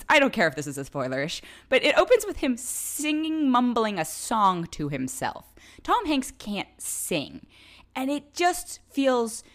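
Woman ranting through a movie review, voice bouncing all over, pretty exasperated. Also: mid-range voice. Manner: exasperated, candid, animated. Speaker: film reviewer. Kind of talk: casual spoken film review.

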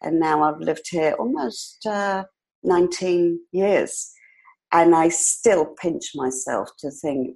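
An older British woman with a slight New York twang in her speech, sitting for a relaxed podcast interview. Her voice sits a little low, and she tells her stories with energy, laughing now and then. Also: slow, low-quality recording. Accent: British with some New York twang. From Britain. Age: 60s. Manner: animated storyteller, acts out quoted voices, laughs often. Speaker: hair industry educator and guest.

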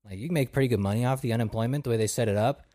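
A man's voice: mid-range voice, racing, mellow, dry recording, clean studio sound. A man co-hosting a casual podcast chat, ranting in a profane, sarcastic way. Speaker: podcast co-host.

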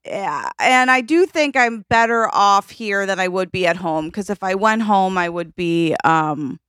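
A woman's voice: medium pitch, measured pace, clean tone, dry recording, clean studio sound. A woman co-hosting a podcast, chatting casually and poking fun at herself. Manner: animated, self-mocking. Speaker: podcast co-host. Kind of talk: casual chat.

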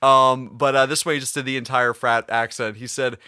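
A man chats eagerly on a podcast, stumbling through fillers and restarts as he talks. His tone is bright and a little tense. The recording is dry and close. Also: mid-range voice, little pitch movement, fairly quick, smooth, no room sound. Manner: chatty, hesitant fillers, retells online gossip. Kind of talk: casual chat.

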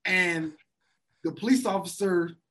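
Laughing storyteller man with a husky voice. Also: high-pitched, unhurried. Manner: animated storyteller, laughs often, acts out quotes. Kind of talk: casual storytelling chat.

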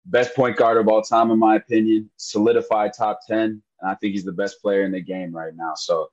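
A man with a somewhat low voice talks in a casual sports podcast chat. He is emotional and rambling, stumbling and repeating himself. The sound is dull and lo-fi. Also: level tone, a little fast, a little mellow. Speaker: podcast co-host.

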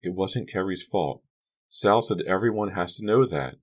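A man's voice: low-pitched, normal speed, voice pushed up. A man voicing a worried, earnest teenage girl in an audiobook reading. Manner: pleading, breathless urgency. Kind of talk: audiobook character voice.

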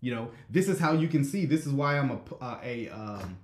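A man's voice: medium pitch, lively intonation, brisk. Brief: male live-stream host, conversational and asking "right?", room echo. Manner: conversational, frequent "right?" checks, reads chat.

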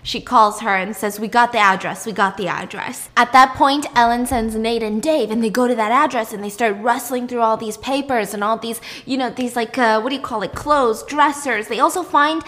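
A young woman retelling a story in a casual, chatty, animated way. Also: a little high, moderate pace, hardly any pauses, long reverb tail. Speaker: storyteller host.

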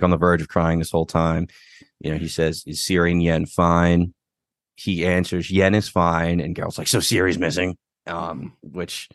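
A man's voice: low voice, dry recording, studio quality. A young man casually recapping a TV episode, talking loosely with fillers and the odd swear. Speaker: podcast host.

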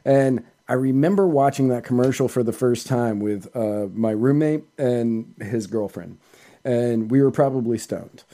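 A man's voice: medium pitch, a little slow, mellow. A man on a casual podcast, telling long rambling stories and cutting himself off with asides. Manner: rambling, self-interrupting anecdotes. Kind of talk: casual storytelling chat.

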